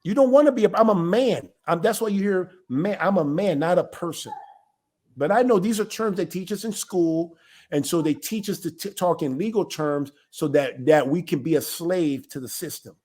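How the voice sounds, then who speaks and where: A man with a high-pitched voice talks straight to his livestream viewers. He stresses his points with rhetorical questions and often stops to restart a sentence. He speaks as an elder of a ministry. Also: moderate pace, a little mellow.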